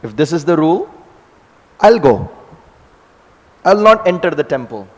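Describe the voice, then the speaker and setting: A devoted goddess wife answers with calm, affectionate firmness, as a man puts her on. Her speech sits in a large echoing hall. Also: a little high, a little slow. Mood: calm firm. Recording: long hall reverb.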